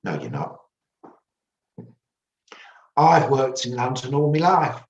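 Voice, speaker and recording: A woman's voice: very deep voice, big pitch swings, slow pace, a little mellow, muffled recording, pitched above the performer's own voice, heavily acted. A man voicing a blunt, gossiping shopkeeper woman in her seventies, heard in a roomy space from a distant mic. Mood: insistent. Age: 70s. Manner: conspiratorial, blunt and certain.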